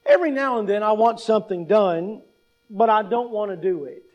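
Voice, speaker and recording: A man's voice: high voice, animated, moderate pace, muffled recording. A male pastor preaching conversationally, posing questions to the congregation and telling humorous everyday stories. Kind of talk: sermon.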